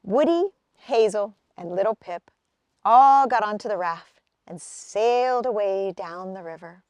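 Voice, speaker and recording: A woman reading a children's picture book aloud outdoors, in an expressive storytelling manner. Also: mid-range voice, unhurried, clear, resonant tone, no echo. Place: outdoors in a forest.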